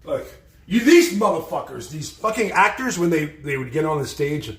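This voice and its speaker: A man's voice: mid-range voice, lively intonation, moderate pace, a bit bright. Blunt, profane man telling stories. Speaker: livestream host. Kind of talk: storytelling on a livestream. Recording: roomy echo.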